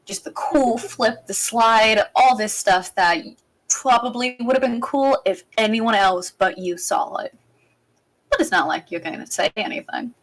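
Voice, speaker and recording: A woman's voice: a little high, measured pace, rough recording. A woman narrating a tabletop game as game master, in a casual and rambling way. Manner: casual, rambling, with frequent restarts.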